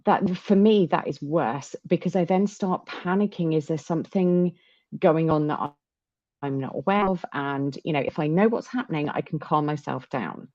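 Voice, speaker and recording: A woman with a low voice talks openly in a casual chat, stumbling and restarting as she goes. The recording sounds dull and lo-fi. It is also dry, with no room sound. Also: a little mellow, no room sound. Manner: candid, halting, many restarts.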